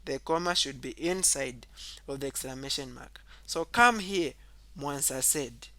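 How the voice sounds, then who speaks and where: Bright-voiced male teacher explaining punctuation. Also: expressive, unhurried. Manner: explains step by step, repeats points, says okay often; reads example sentences aloud louder and higher. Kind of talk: whiteboard grammar lesson.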